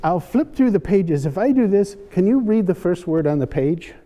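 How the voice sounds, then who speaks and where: A man's voice: high-pitched, expressive, dark tone. A man performing as a comedy magician, teasing and joking with audience volunteers on stage. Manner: playful, teasing, quick asides. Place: stage before a live audience. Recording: hall reverb, faint room noise.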